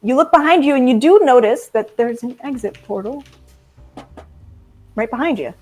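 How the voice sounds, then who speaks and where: A young woman narrating as game master of a tabletop game, halting with ums and breaking into laughs. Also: high voice, expressive, darkish tone.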